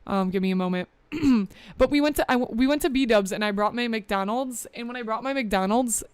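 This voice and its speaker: A woman's voice: on the high side, a little fast, smooth, no room sound. A young woman streaming casually, chatting with her viewers and reading the chat aloud. She is a bit scatterbrained, laughs often and sounds slightly out of breath. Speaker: VTuber streamer.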